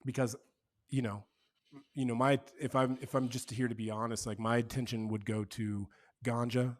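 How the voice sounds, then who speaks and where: A man who is a podcast guest, speaking earnestly in relaxed, slangy casual conversation. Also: medium pitch, normal speed. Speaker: podcast guest, men's community co-founder.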